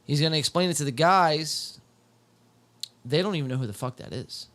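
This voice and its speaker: A man's voice: a little high, normal speed, a bit bright. A man hosting a podcast, reacting to clips in casual, profane, joking commentary.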